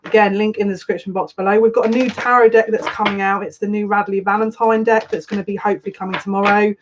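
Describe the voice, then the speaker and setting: A woman's voice: mid-range voice, steady tone, quick pace. A woman hosting a casual live psychic reading stream, chatty and rambling, greeting viewers by name. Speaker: psychic tarot reader. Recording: dull lo-fi stream audio with faint noise.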